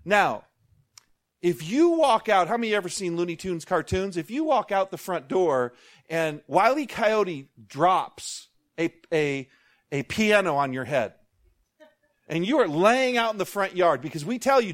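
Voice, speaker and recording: A man preaching a sermon as pastor, animated, with jokey asides and call-outs to the congregation. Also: sits high, moderate pace.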